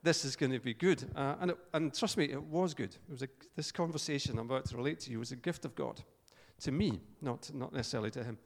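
A man's voice: medium pitch, fast, hardly any pauses. A Scottish man preaching an informal sermon, chatty and joking, with fillers and restarts. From Scotland. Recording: long hall reverb.

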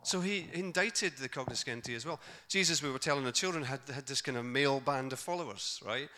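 A man preaching a sermon, telling the gospel stories in a lively way and acting out the characters' lines. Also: medium pitch, a little fast. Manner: animated storytelling, acting out voices of the characters.

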